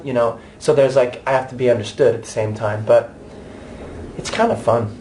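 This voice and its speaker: An American man in his thirties talks freely in an interview, animated and chatty, often restarting his sentences. His voice sits at a medium pitch. A faint hiss of background noise runs under the recording. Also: fast. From United States. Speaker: interviewee, stage actor. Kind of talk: candid conversational interview.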